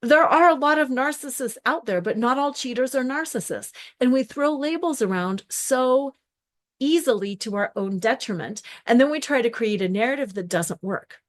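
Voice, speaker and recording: Animated woman podcast host and coach. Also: sits high, moderate pace. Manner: animated, acts out quoted reactions, lists in runs. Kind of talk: casual podcast monologue.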